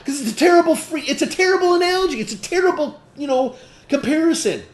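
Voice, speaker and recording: A sales trainer leads a session for distributors, his voice a bit higher than most men's. Very animated and a little fast, he speaks emphatically, throws rhetorical questions at the room and keeps checking in with "okay?". The sound echoes as in a roomy space.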